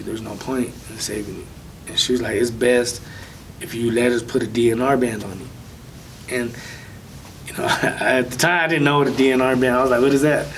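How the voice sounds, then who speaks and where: A man speaking as an interview guest, telling a personal testimony in a soft, halting way with many pauses. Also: medium pitch, far from the mic, a little hiss or hum, low-quality recording.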